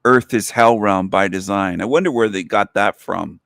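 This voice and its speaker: A man's voice: on the low side, moderate pace, vocal fry, a bit bright, no echo, studio quality. Sarcastic man mocking a video. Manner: sarcastic, taunting, repeats lines in a mocking voice. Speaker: livestream host.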